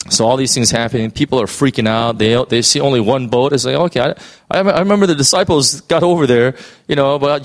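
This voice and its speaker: A man's voice: mid-range voice, a little fast. A man preaching a sermon in a conversational, storytelling way, with frequent restarts and fillers.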